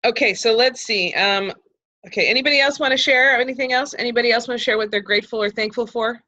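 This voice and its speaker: A woman hosting a group video call, talking casually and haltingly with frequent restarts. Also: fairly high pitch, pushed and bright. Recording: dull lo-fi call audio.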